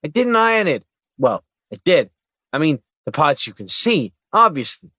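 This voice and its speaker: Man doing a high, whiny, easily riled male agent for an audiobook, bouncy delivery, dry close read. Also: sing-song, moderate pace, sharp tone, slightly rough, no echo, heavily acted. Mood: explaining. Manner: high-strung, indignant and complaining. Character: hot-headed, whiny male FBI agent.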